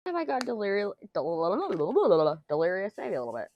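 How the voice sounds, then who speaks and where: A woman, chatting casually and rambling on while she crafts, self-deprecating and quick to laugh, on a mic clipped to her shirt. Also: mid-range voice, big pitch swings, dry recording. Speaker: diamond painting vlogger. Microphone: lapel mic clipped to t-shirt. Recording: dull, lo-fi, dry lapel sound.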